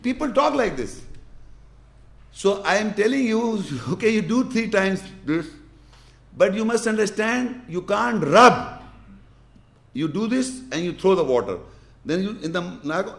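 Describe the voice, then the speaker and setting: A man's voice: high-pitched, expressive, moderate pace, gravelly. A man giving a religious lesson, explaining and demonstrating step by step with emphatic, repeated instructions. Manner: emphatic, repetitive, demonstrates with gestures. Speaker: Islamic teacher.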